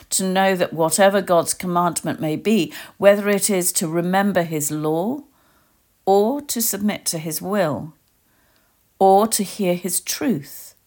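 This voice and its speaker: A woman giving a reflective sermon, leading listeners through a gentle guided imagining in short, meditative phrases. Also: lowish voice. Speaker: preacher.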